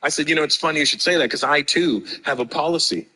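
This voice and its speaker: Man doing stand-up, brash and profane, bright forceful tone, faint room ambience. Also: on the high side, fast, slight background noise, poor audio. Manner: brash, profane storytelling with acted-out dialogue. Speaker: stand-up comedian. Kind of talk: stand-up comedy set. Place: live venue with audience.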